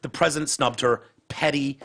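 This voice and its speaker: A man's voice: medium pitch, fairly even intonation, normal speed, vocal fry, a bit bright. A man hosting a podcast in casual chat, ranting heatedly and profanely and acting out other people's words. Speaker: podcast host.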